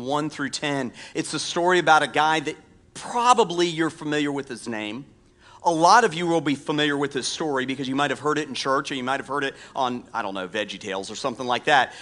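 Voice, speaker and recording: A male pastor giving a conversational sermon, reading scripture and dropping to a hushed whisper for emphasis, with self-deprecating asides. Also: medium pitch. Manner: self-deprecating humor with laughs.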